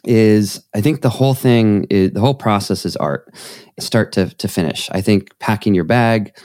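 A man with a fairly low voice talks on a podcast, rambling through his thoughts with bursts of enthusiasm. The sound is dry and close, with no room around it. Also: normal speed, dry recording. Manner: enthusiastic, rambling, animated storytelling. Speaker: podcast guest, photographer. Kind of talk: conversational interview.

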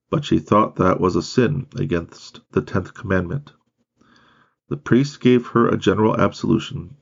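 A man reading a biography aloud in a measured, steady way, with occasional slips. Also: deep voice, gravelly. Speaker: audiobook reader. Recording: dull lo-fi recording.

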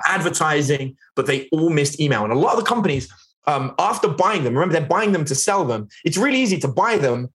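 Teaching business online in a live webinar, a middle-aged man speaks in a somewhat high, slightly bright voice. He keeps it chatty, fills his talk with "like" and "right?", and frequently questions his viewers.

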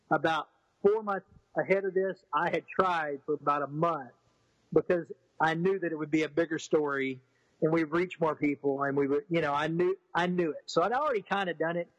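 A man's voice: on the high side, no echo, dull audio. A man telling a personal story in a rambling, casual way, with many restarts, acting out what others said.

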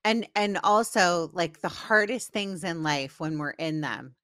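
A woman's voice: lowish voice, lively intonation, a little slow, fairly bright tone, no room sound, clean studio sound. A woman hosting a podcast, talking to her guest in an encouraging, conversational way. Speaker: podcast host. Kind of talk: conversational interview.

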